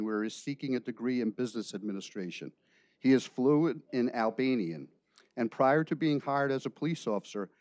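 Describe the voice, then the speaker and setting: A man in his sixties, a police chief, giving a formal prepared speech at a council meeting in a measured, ceremonial way with deliberate pauses. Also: medium pitch, a little mellow, no room sound.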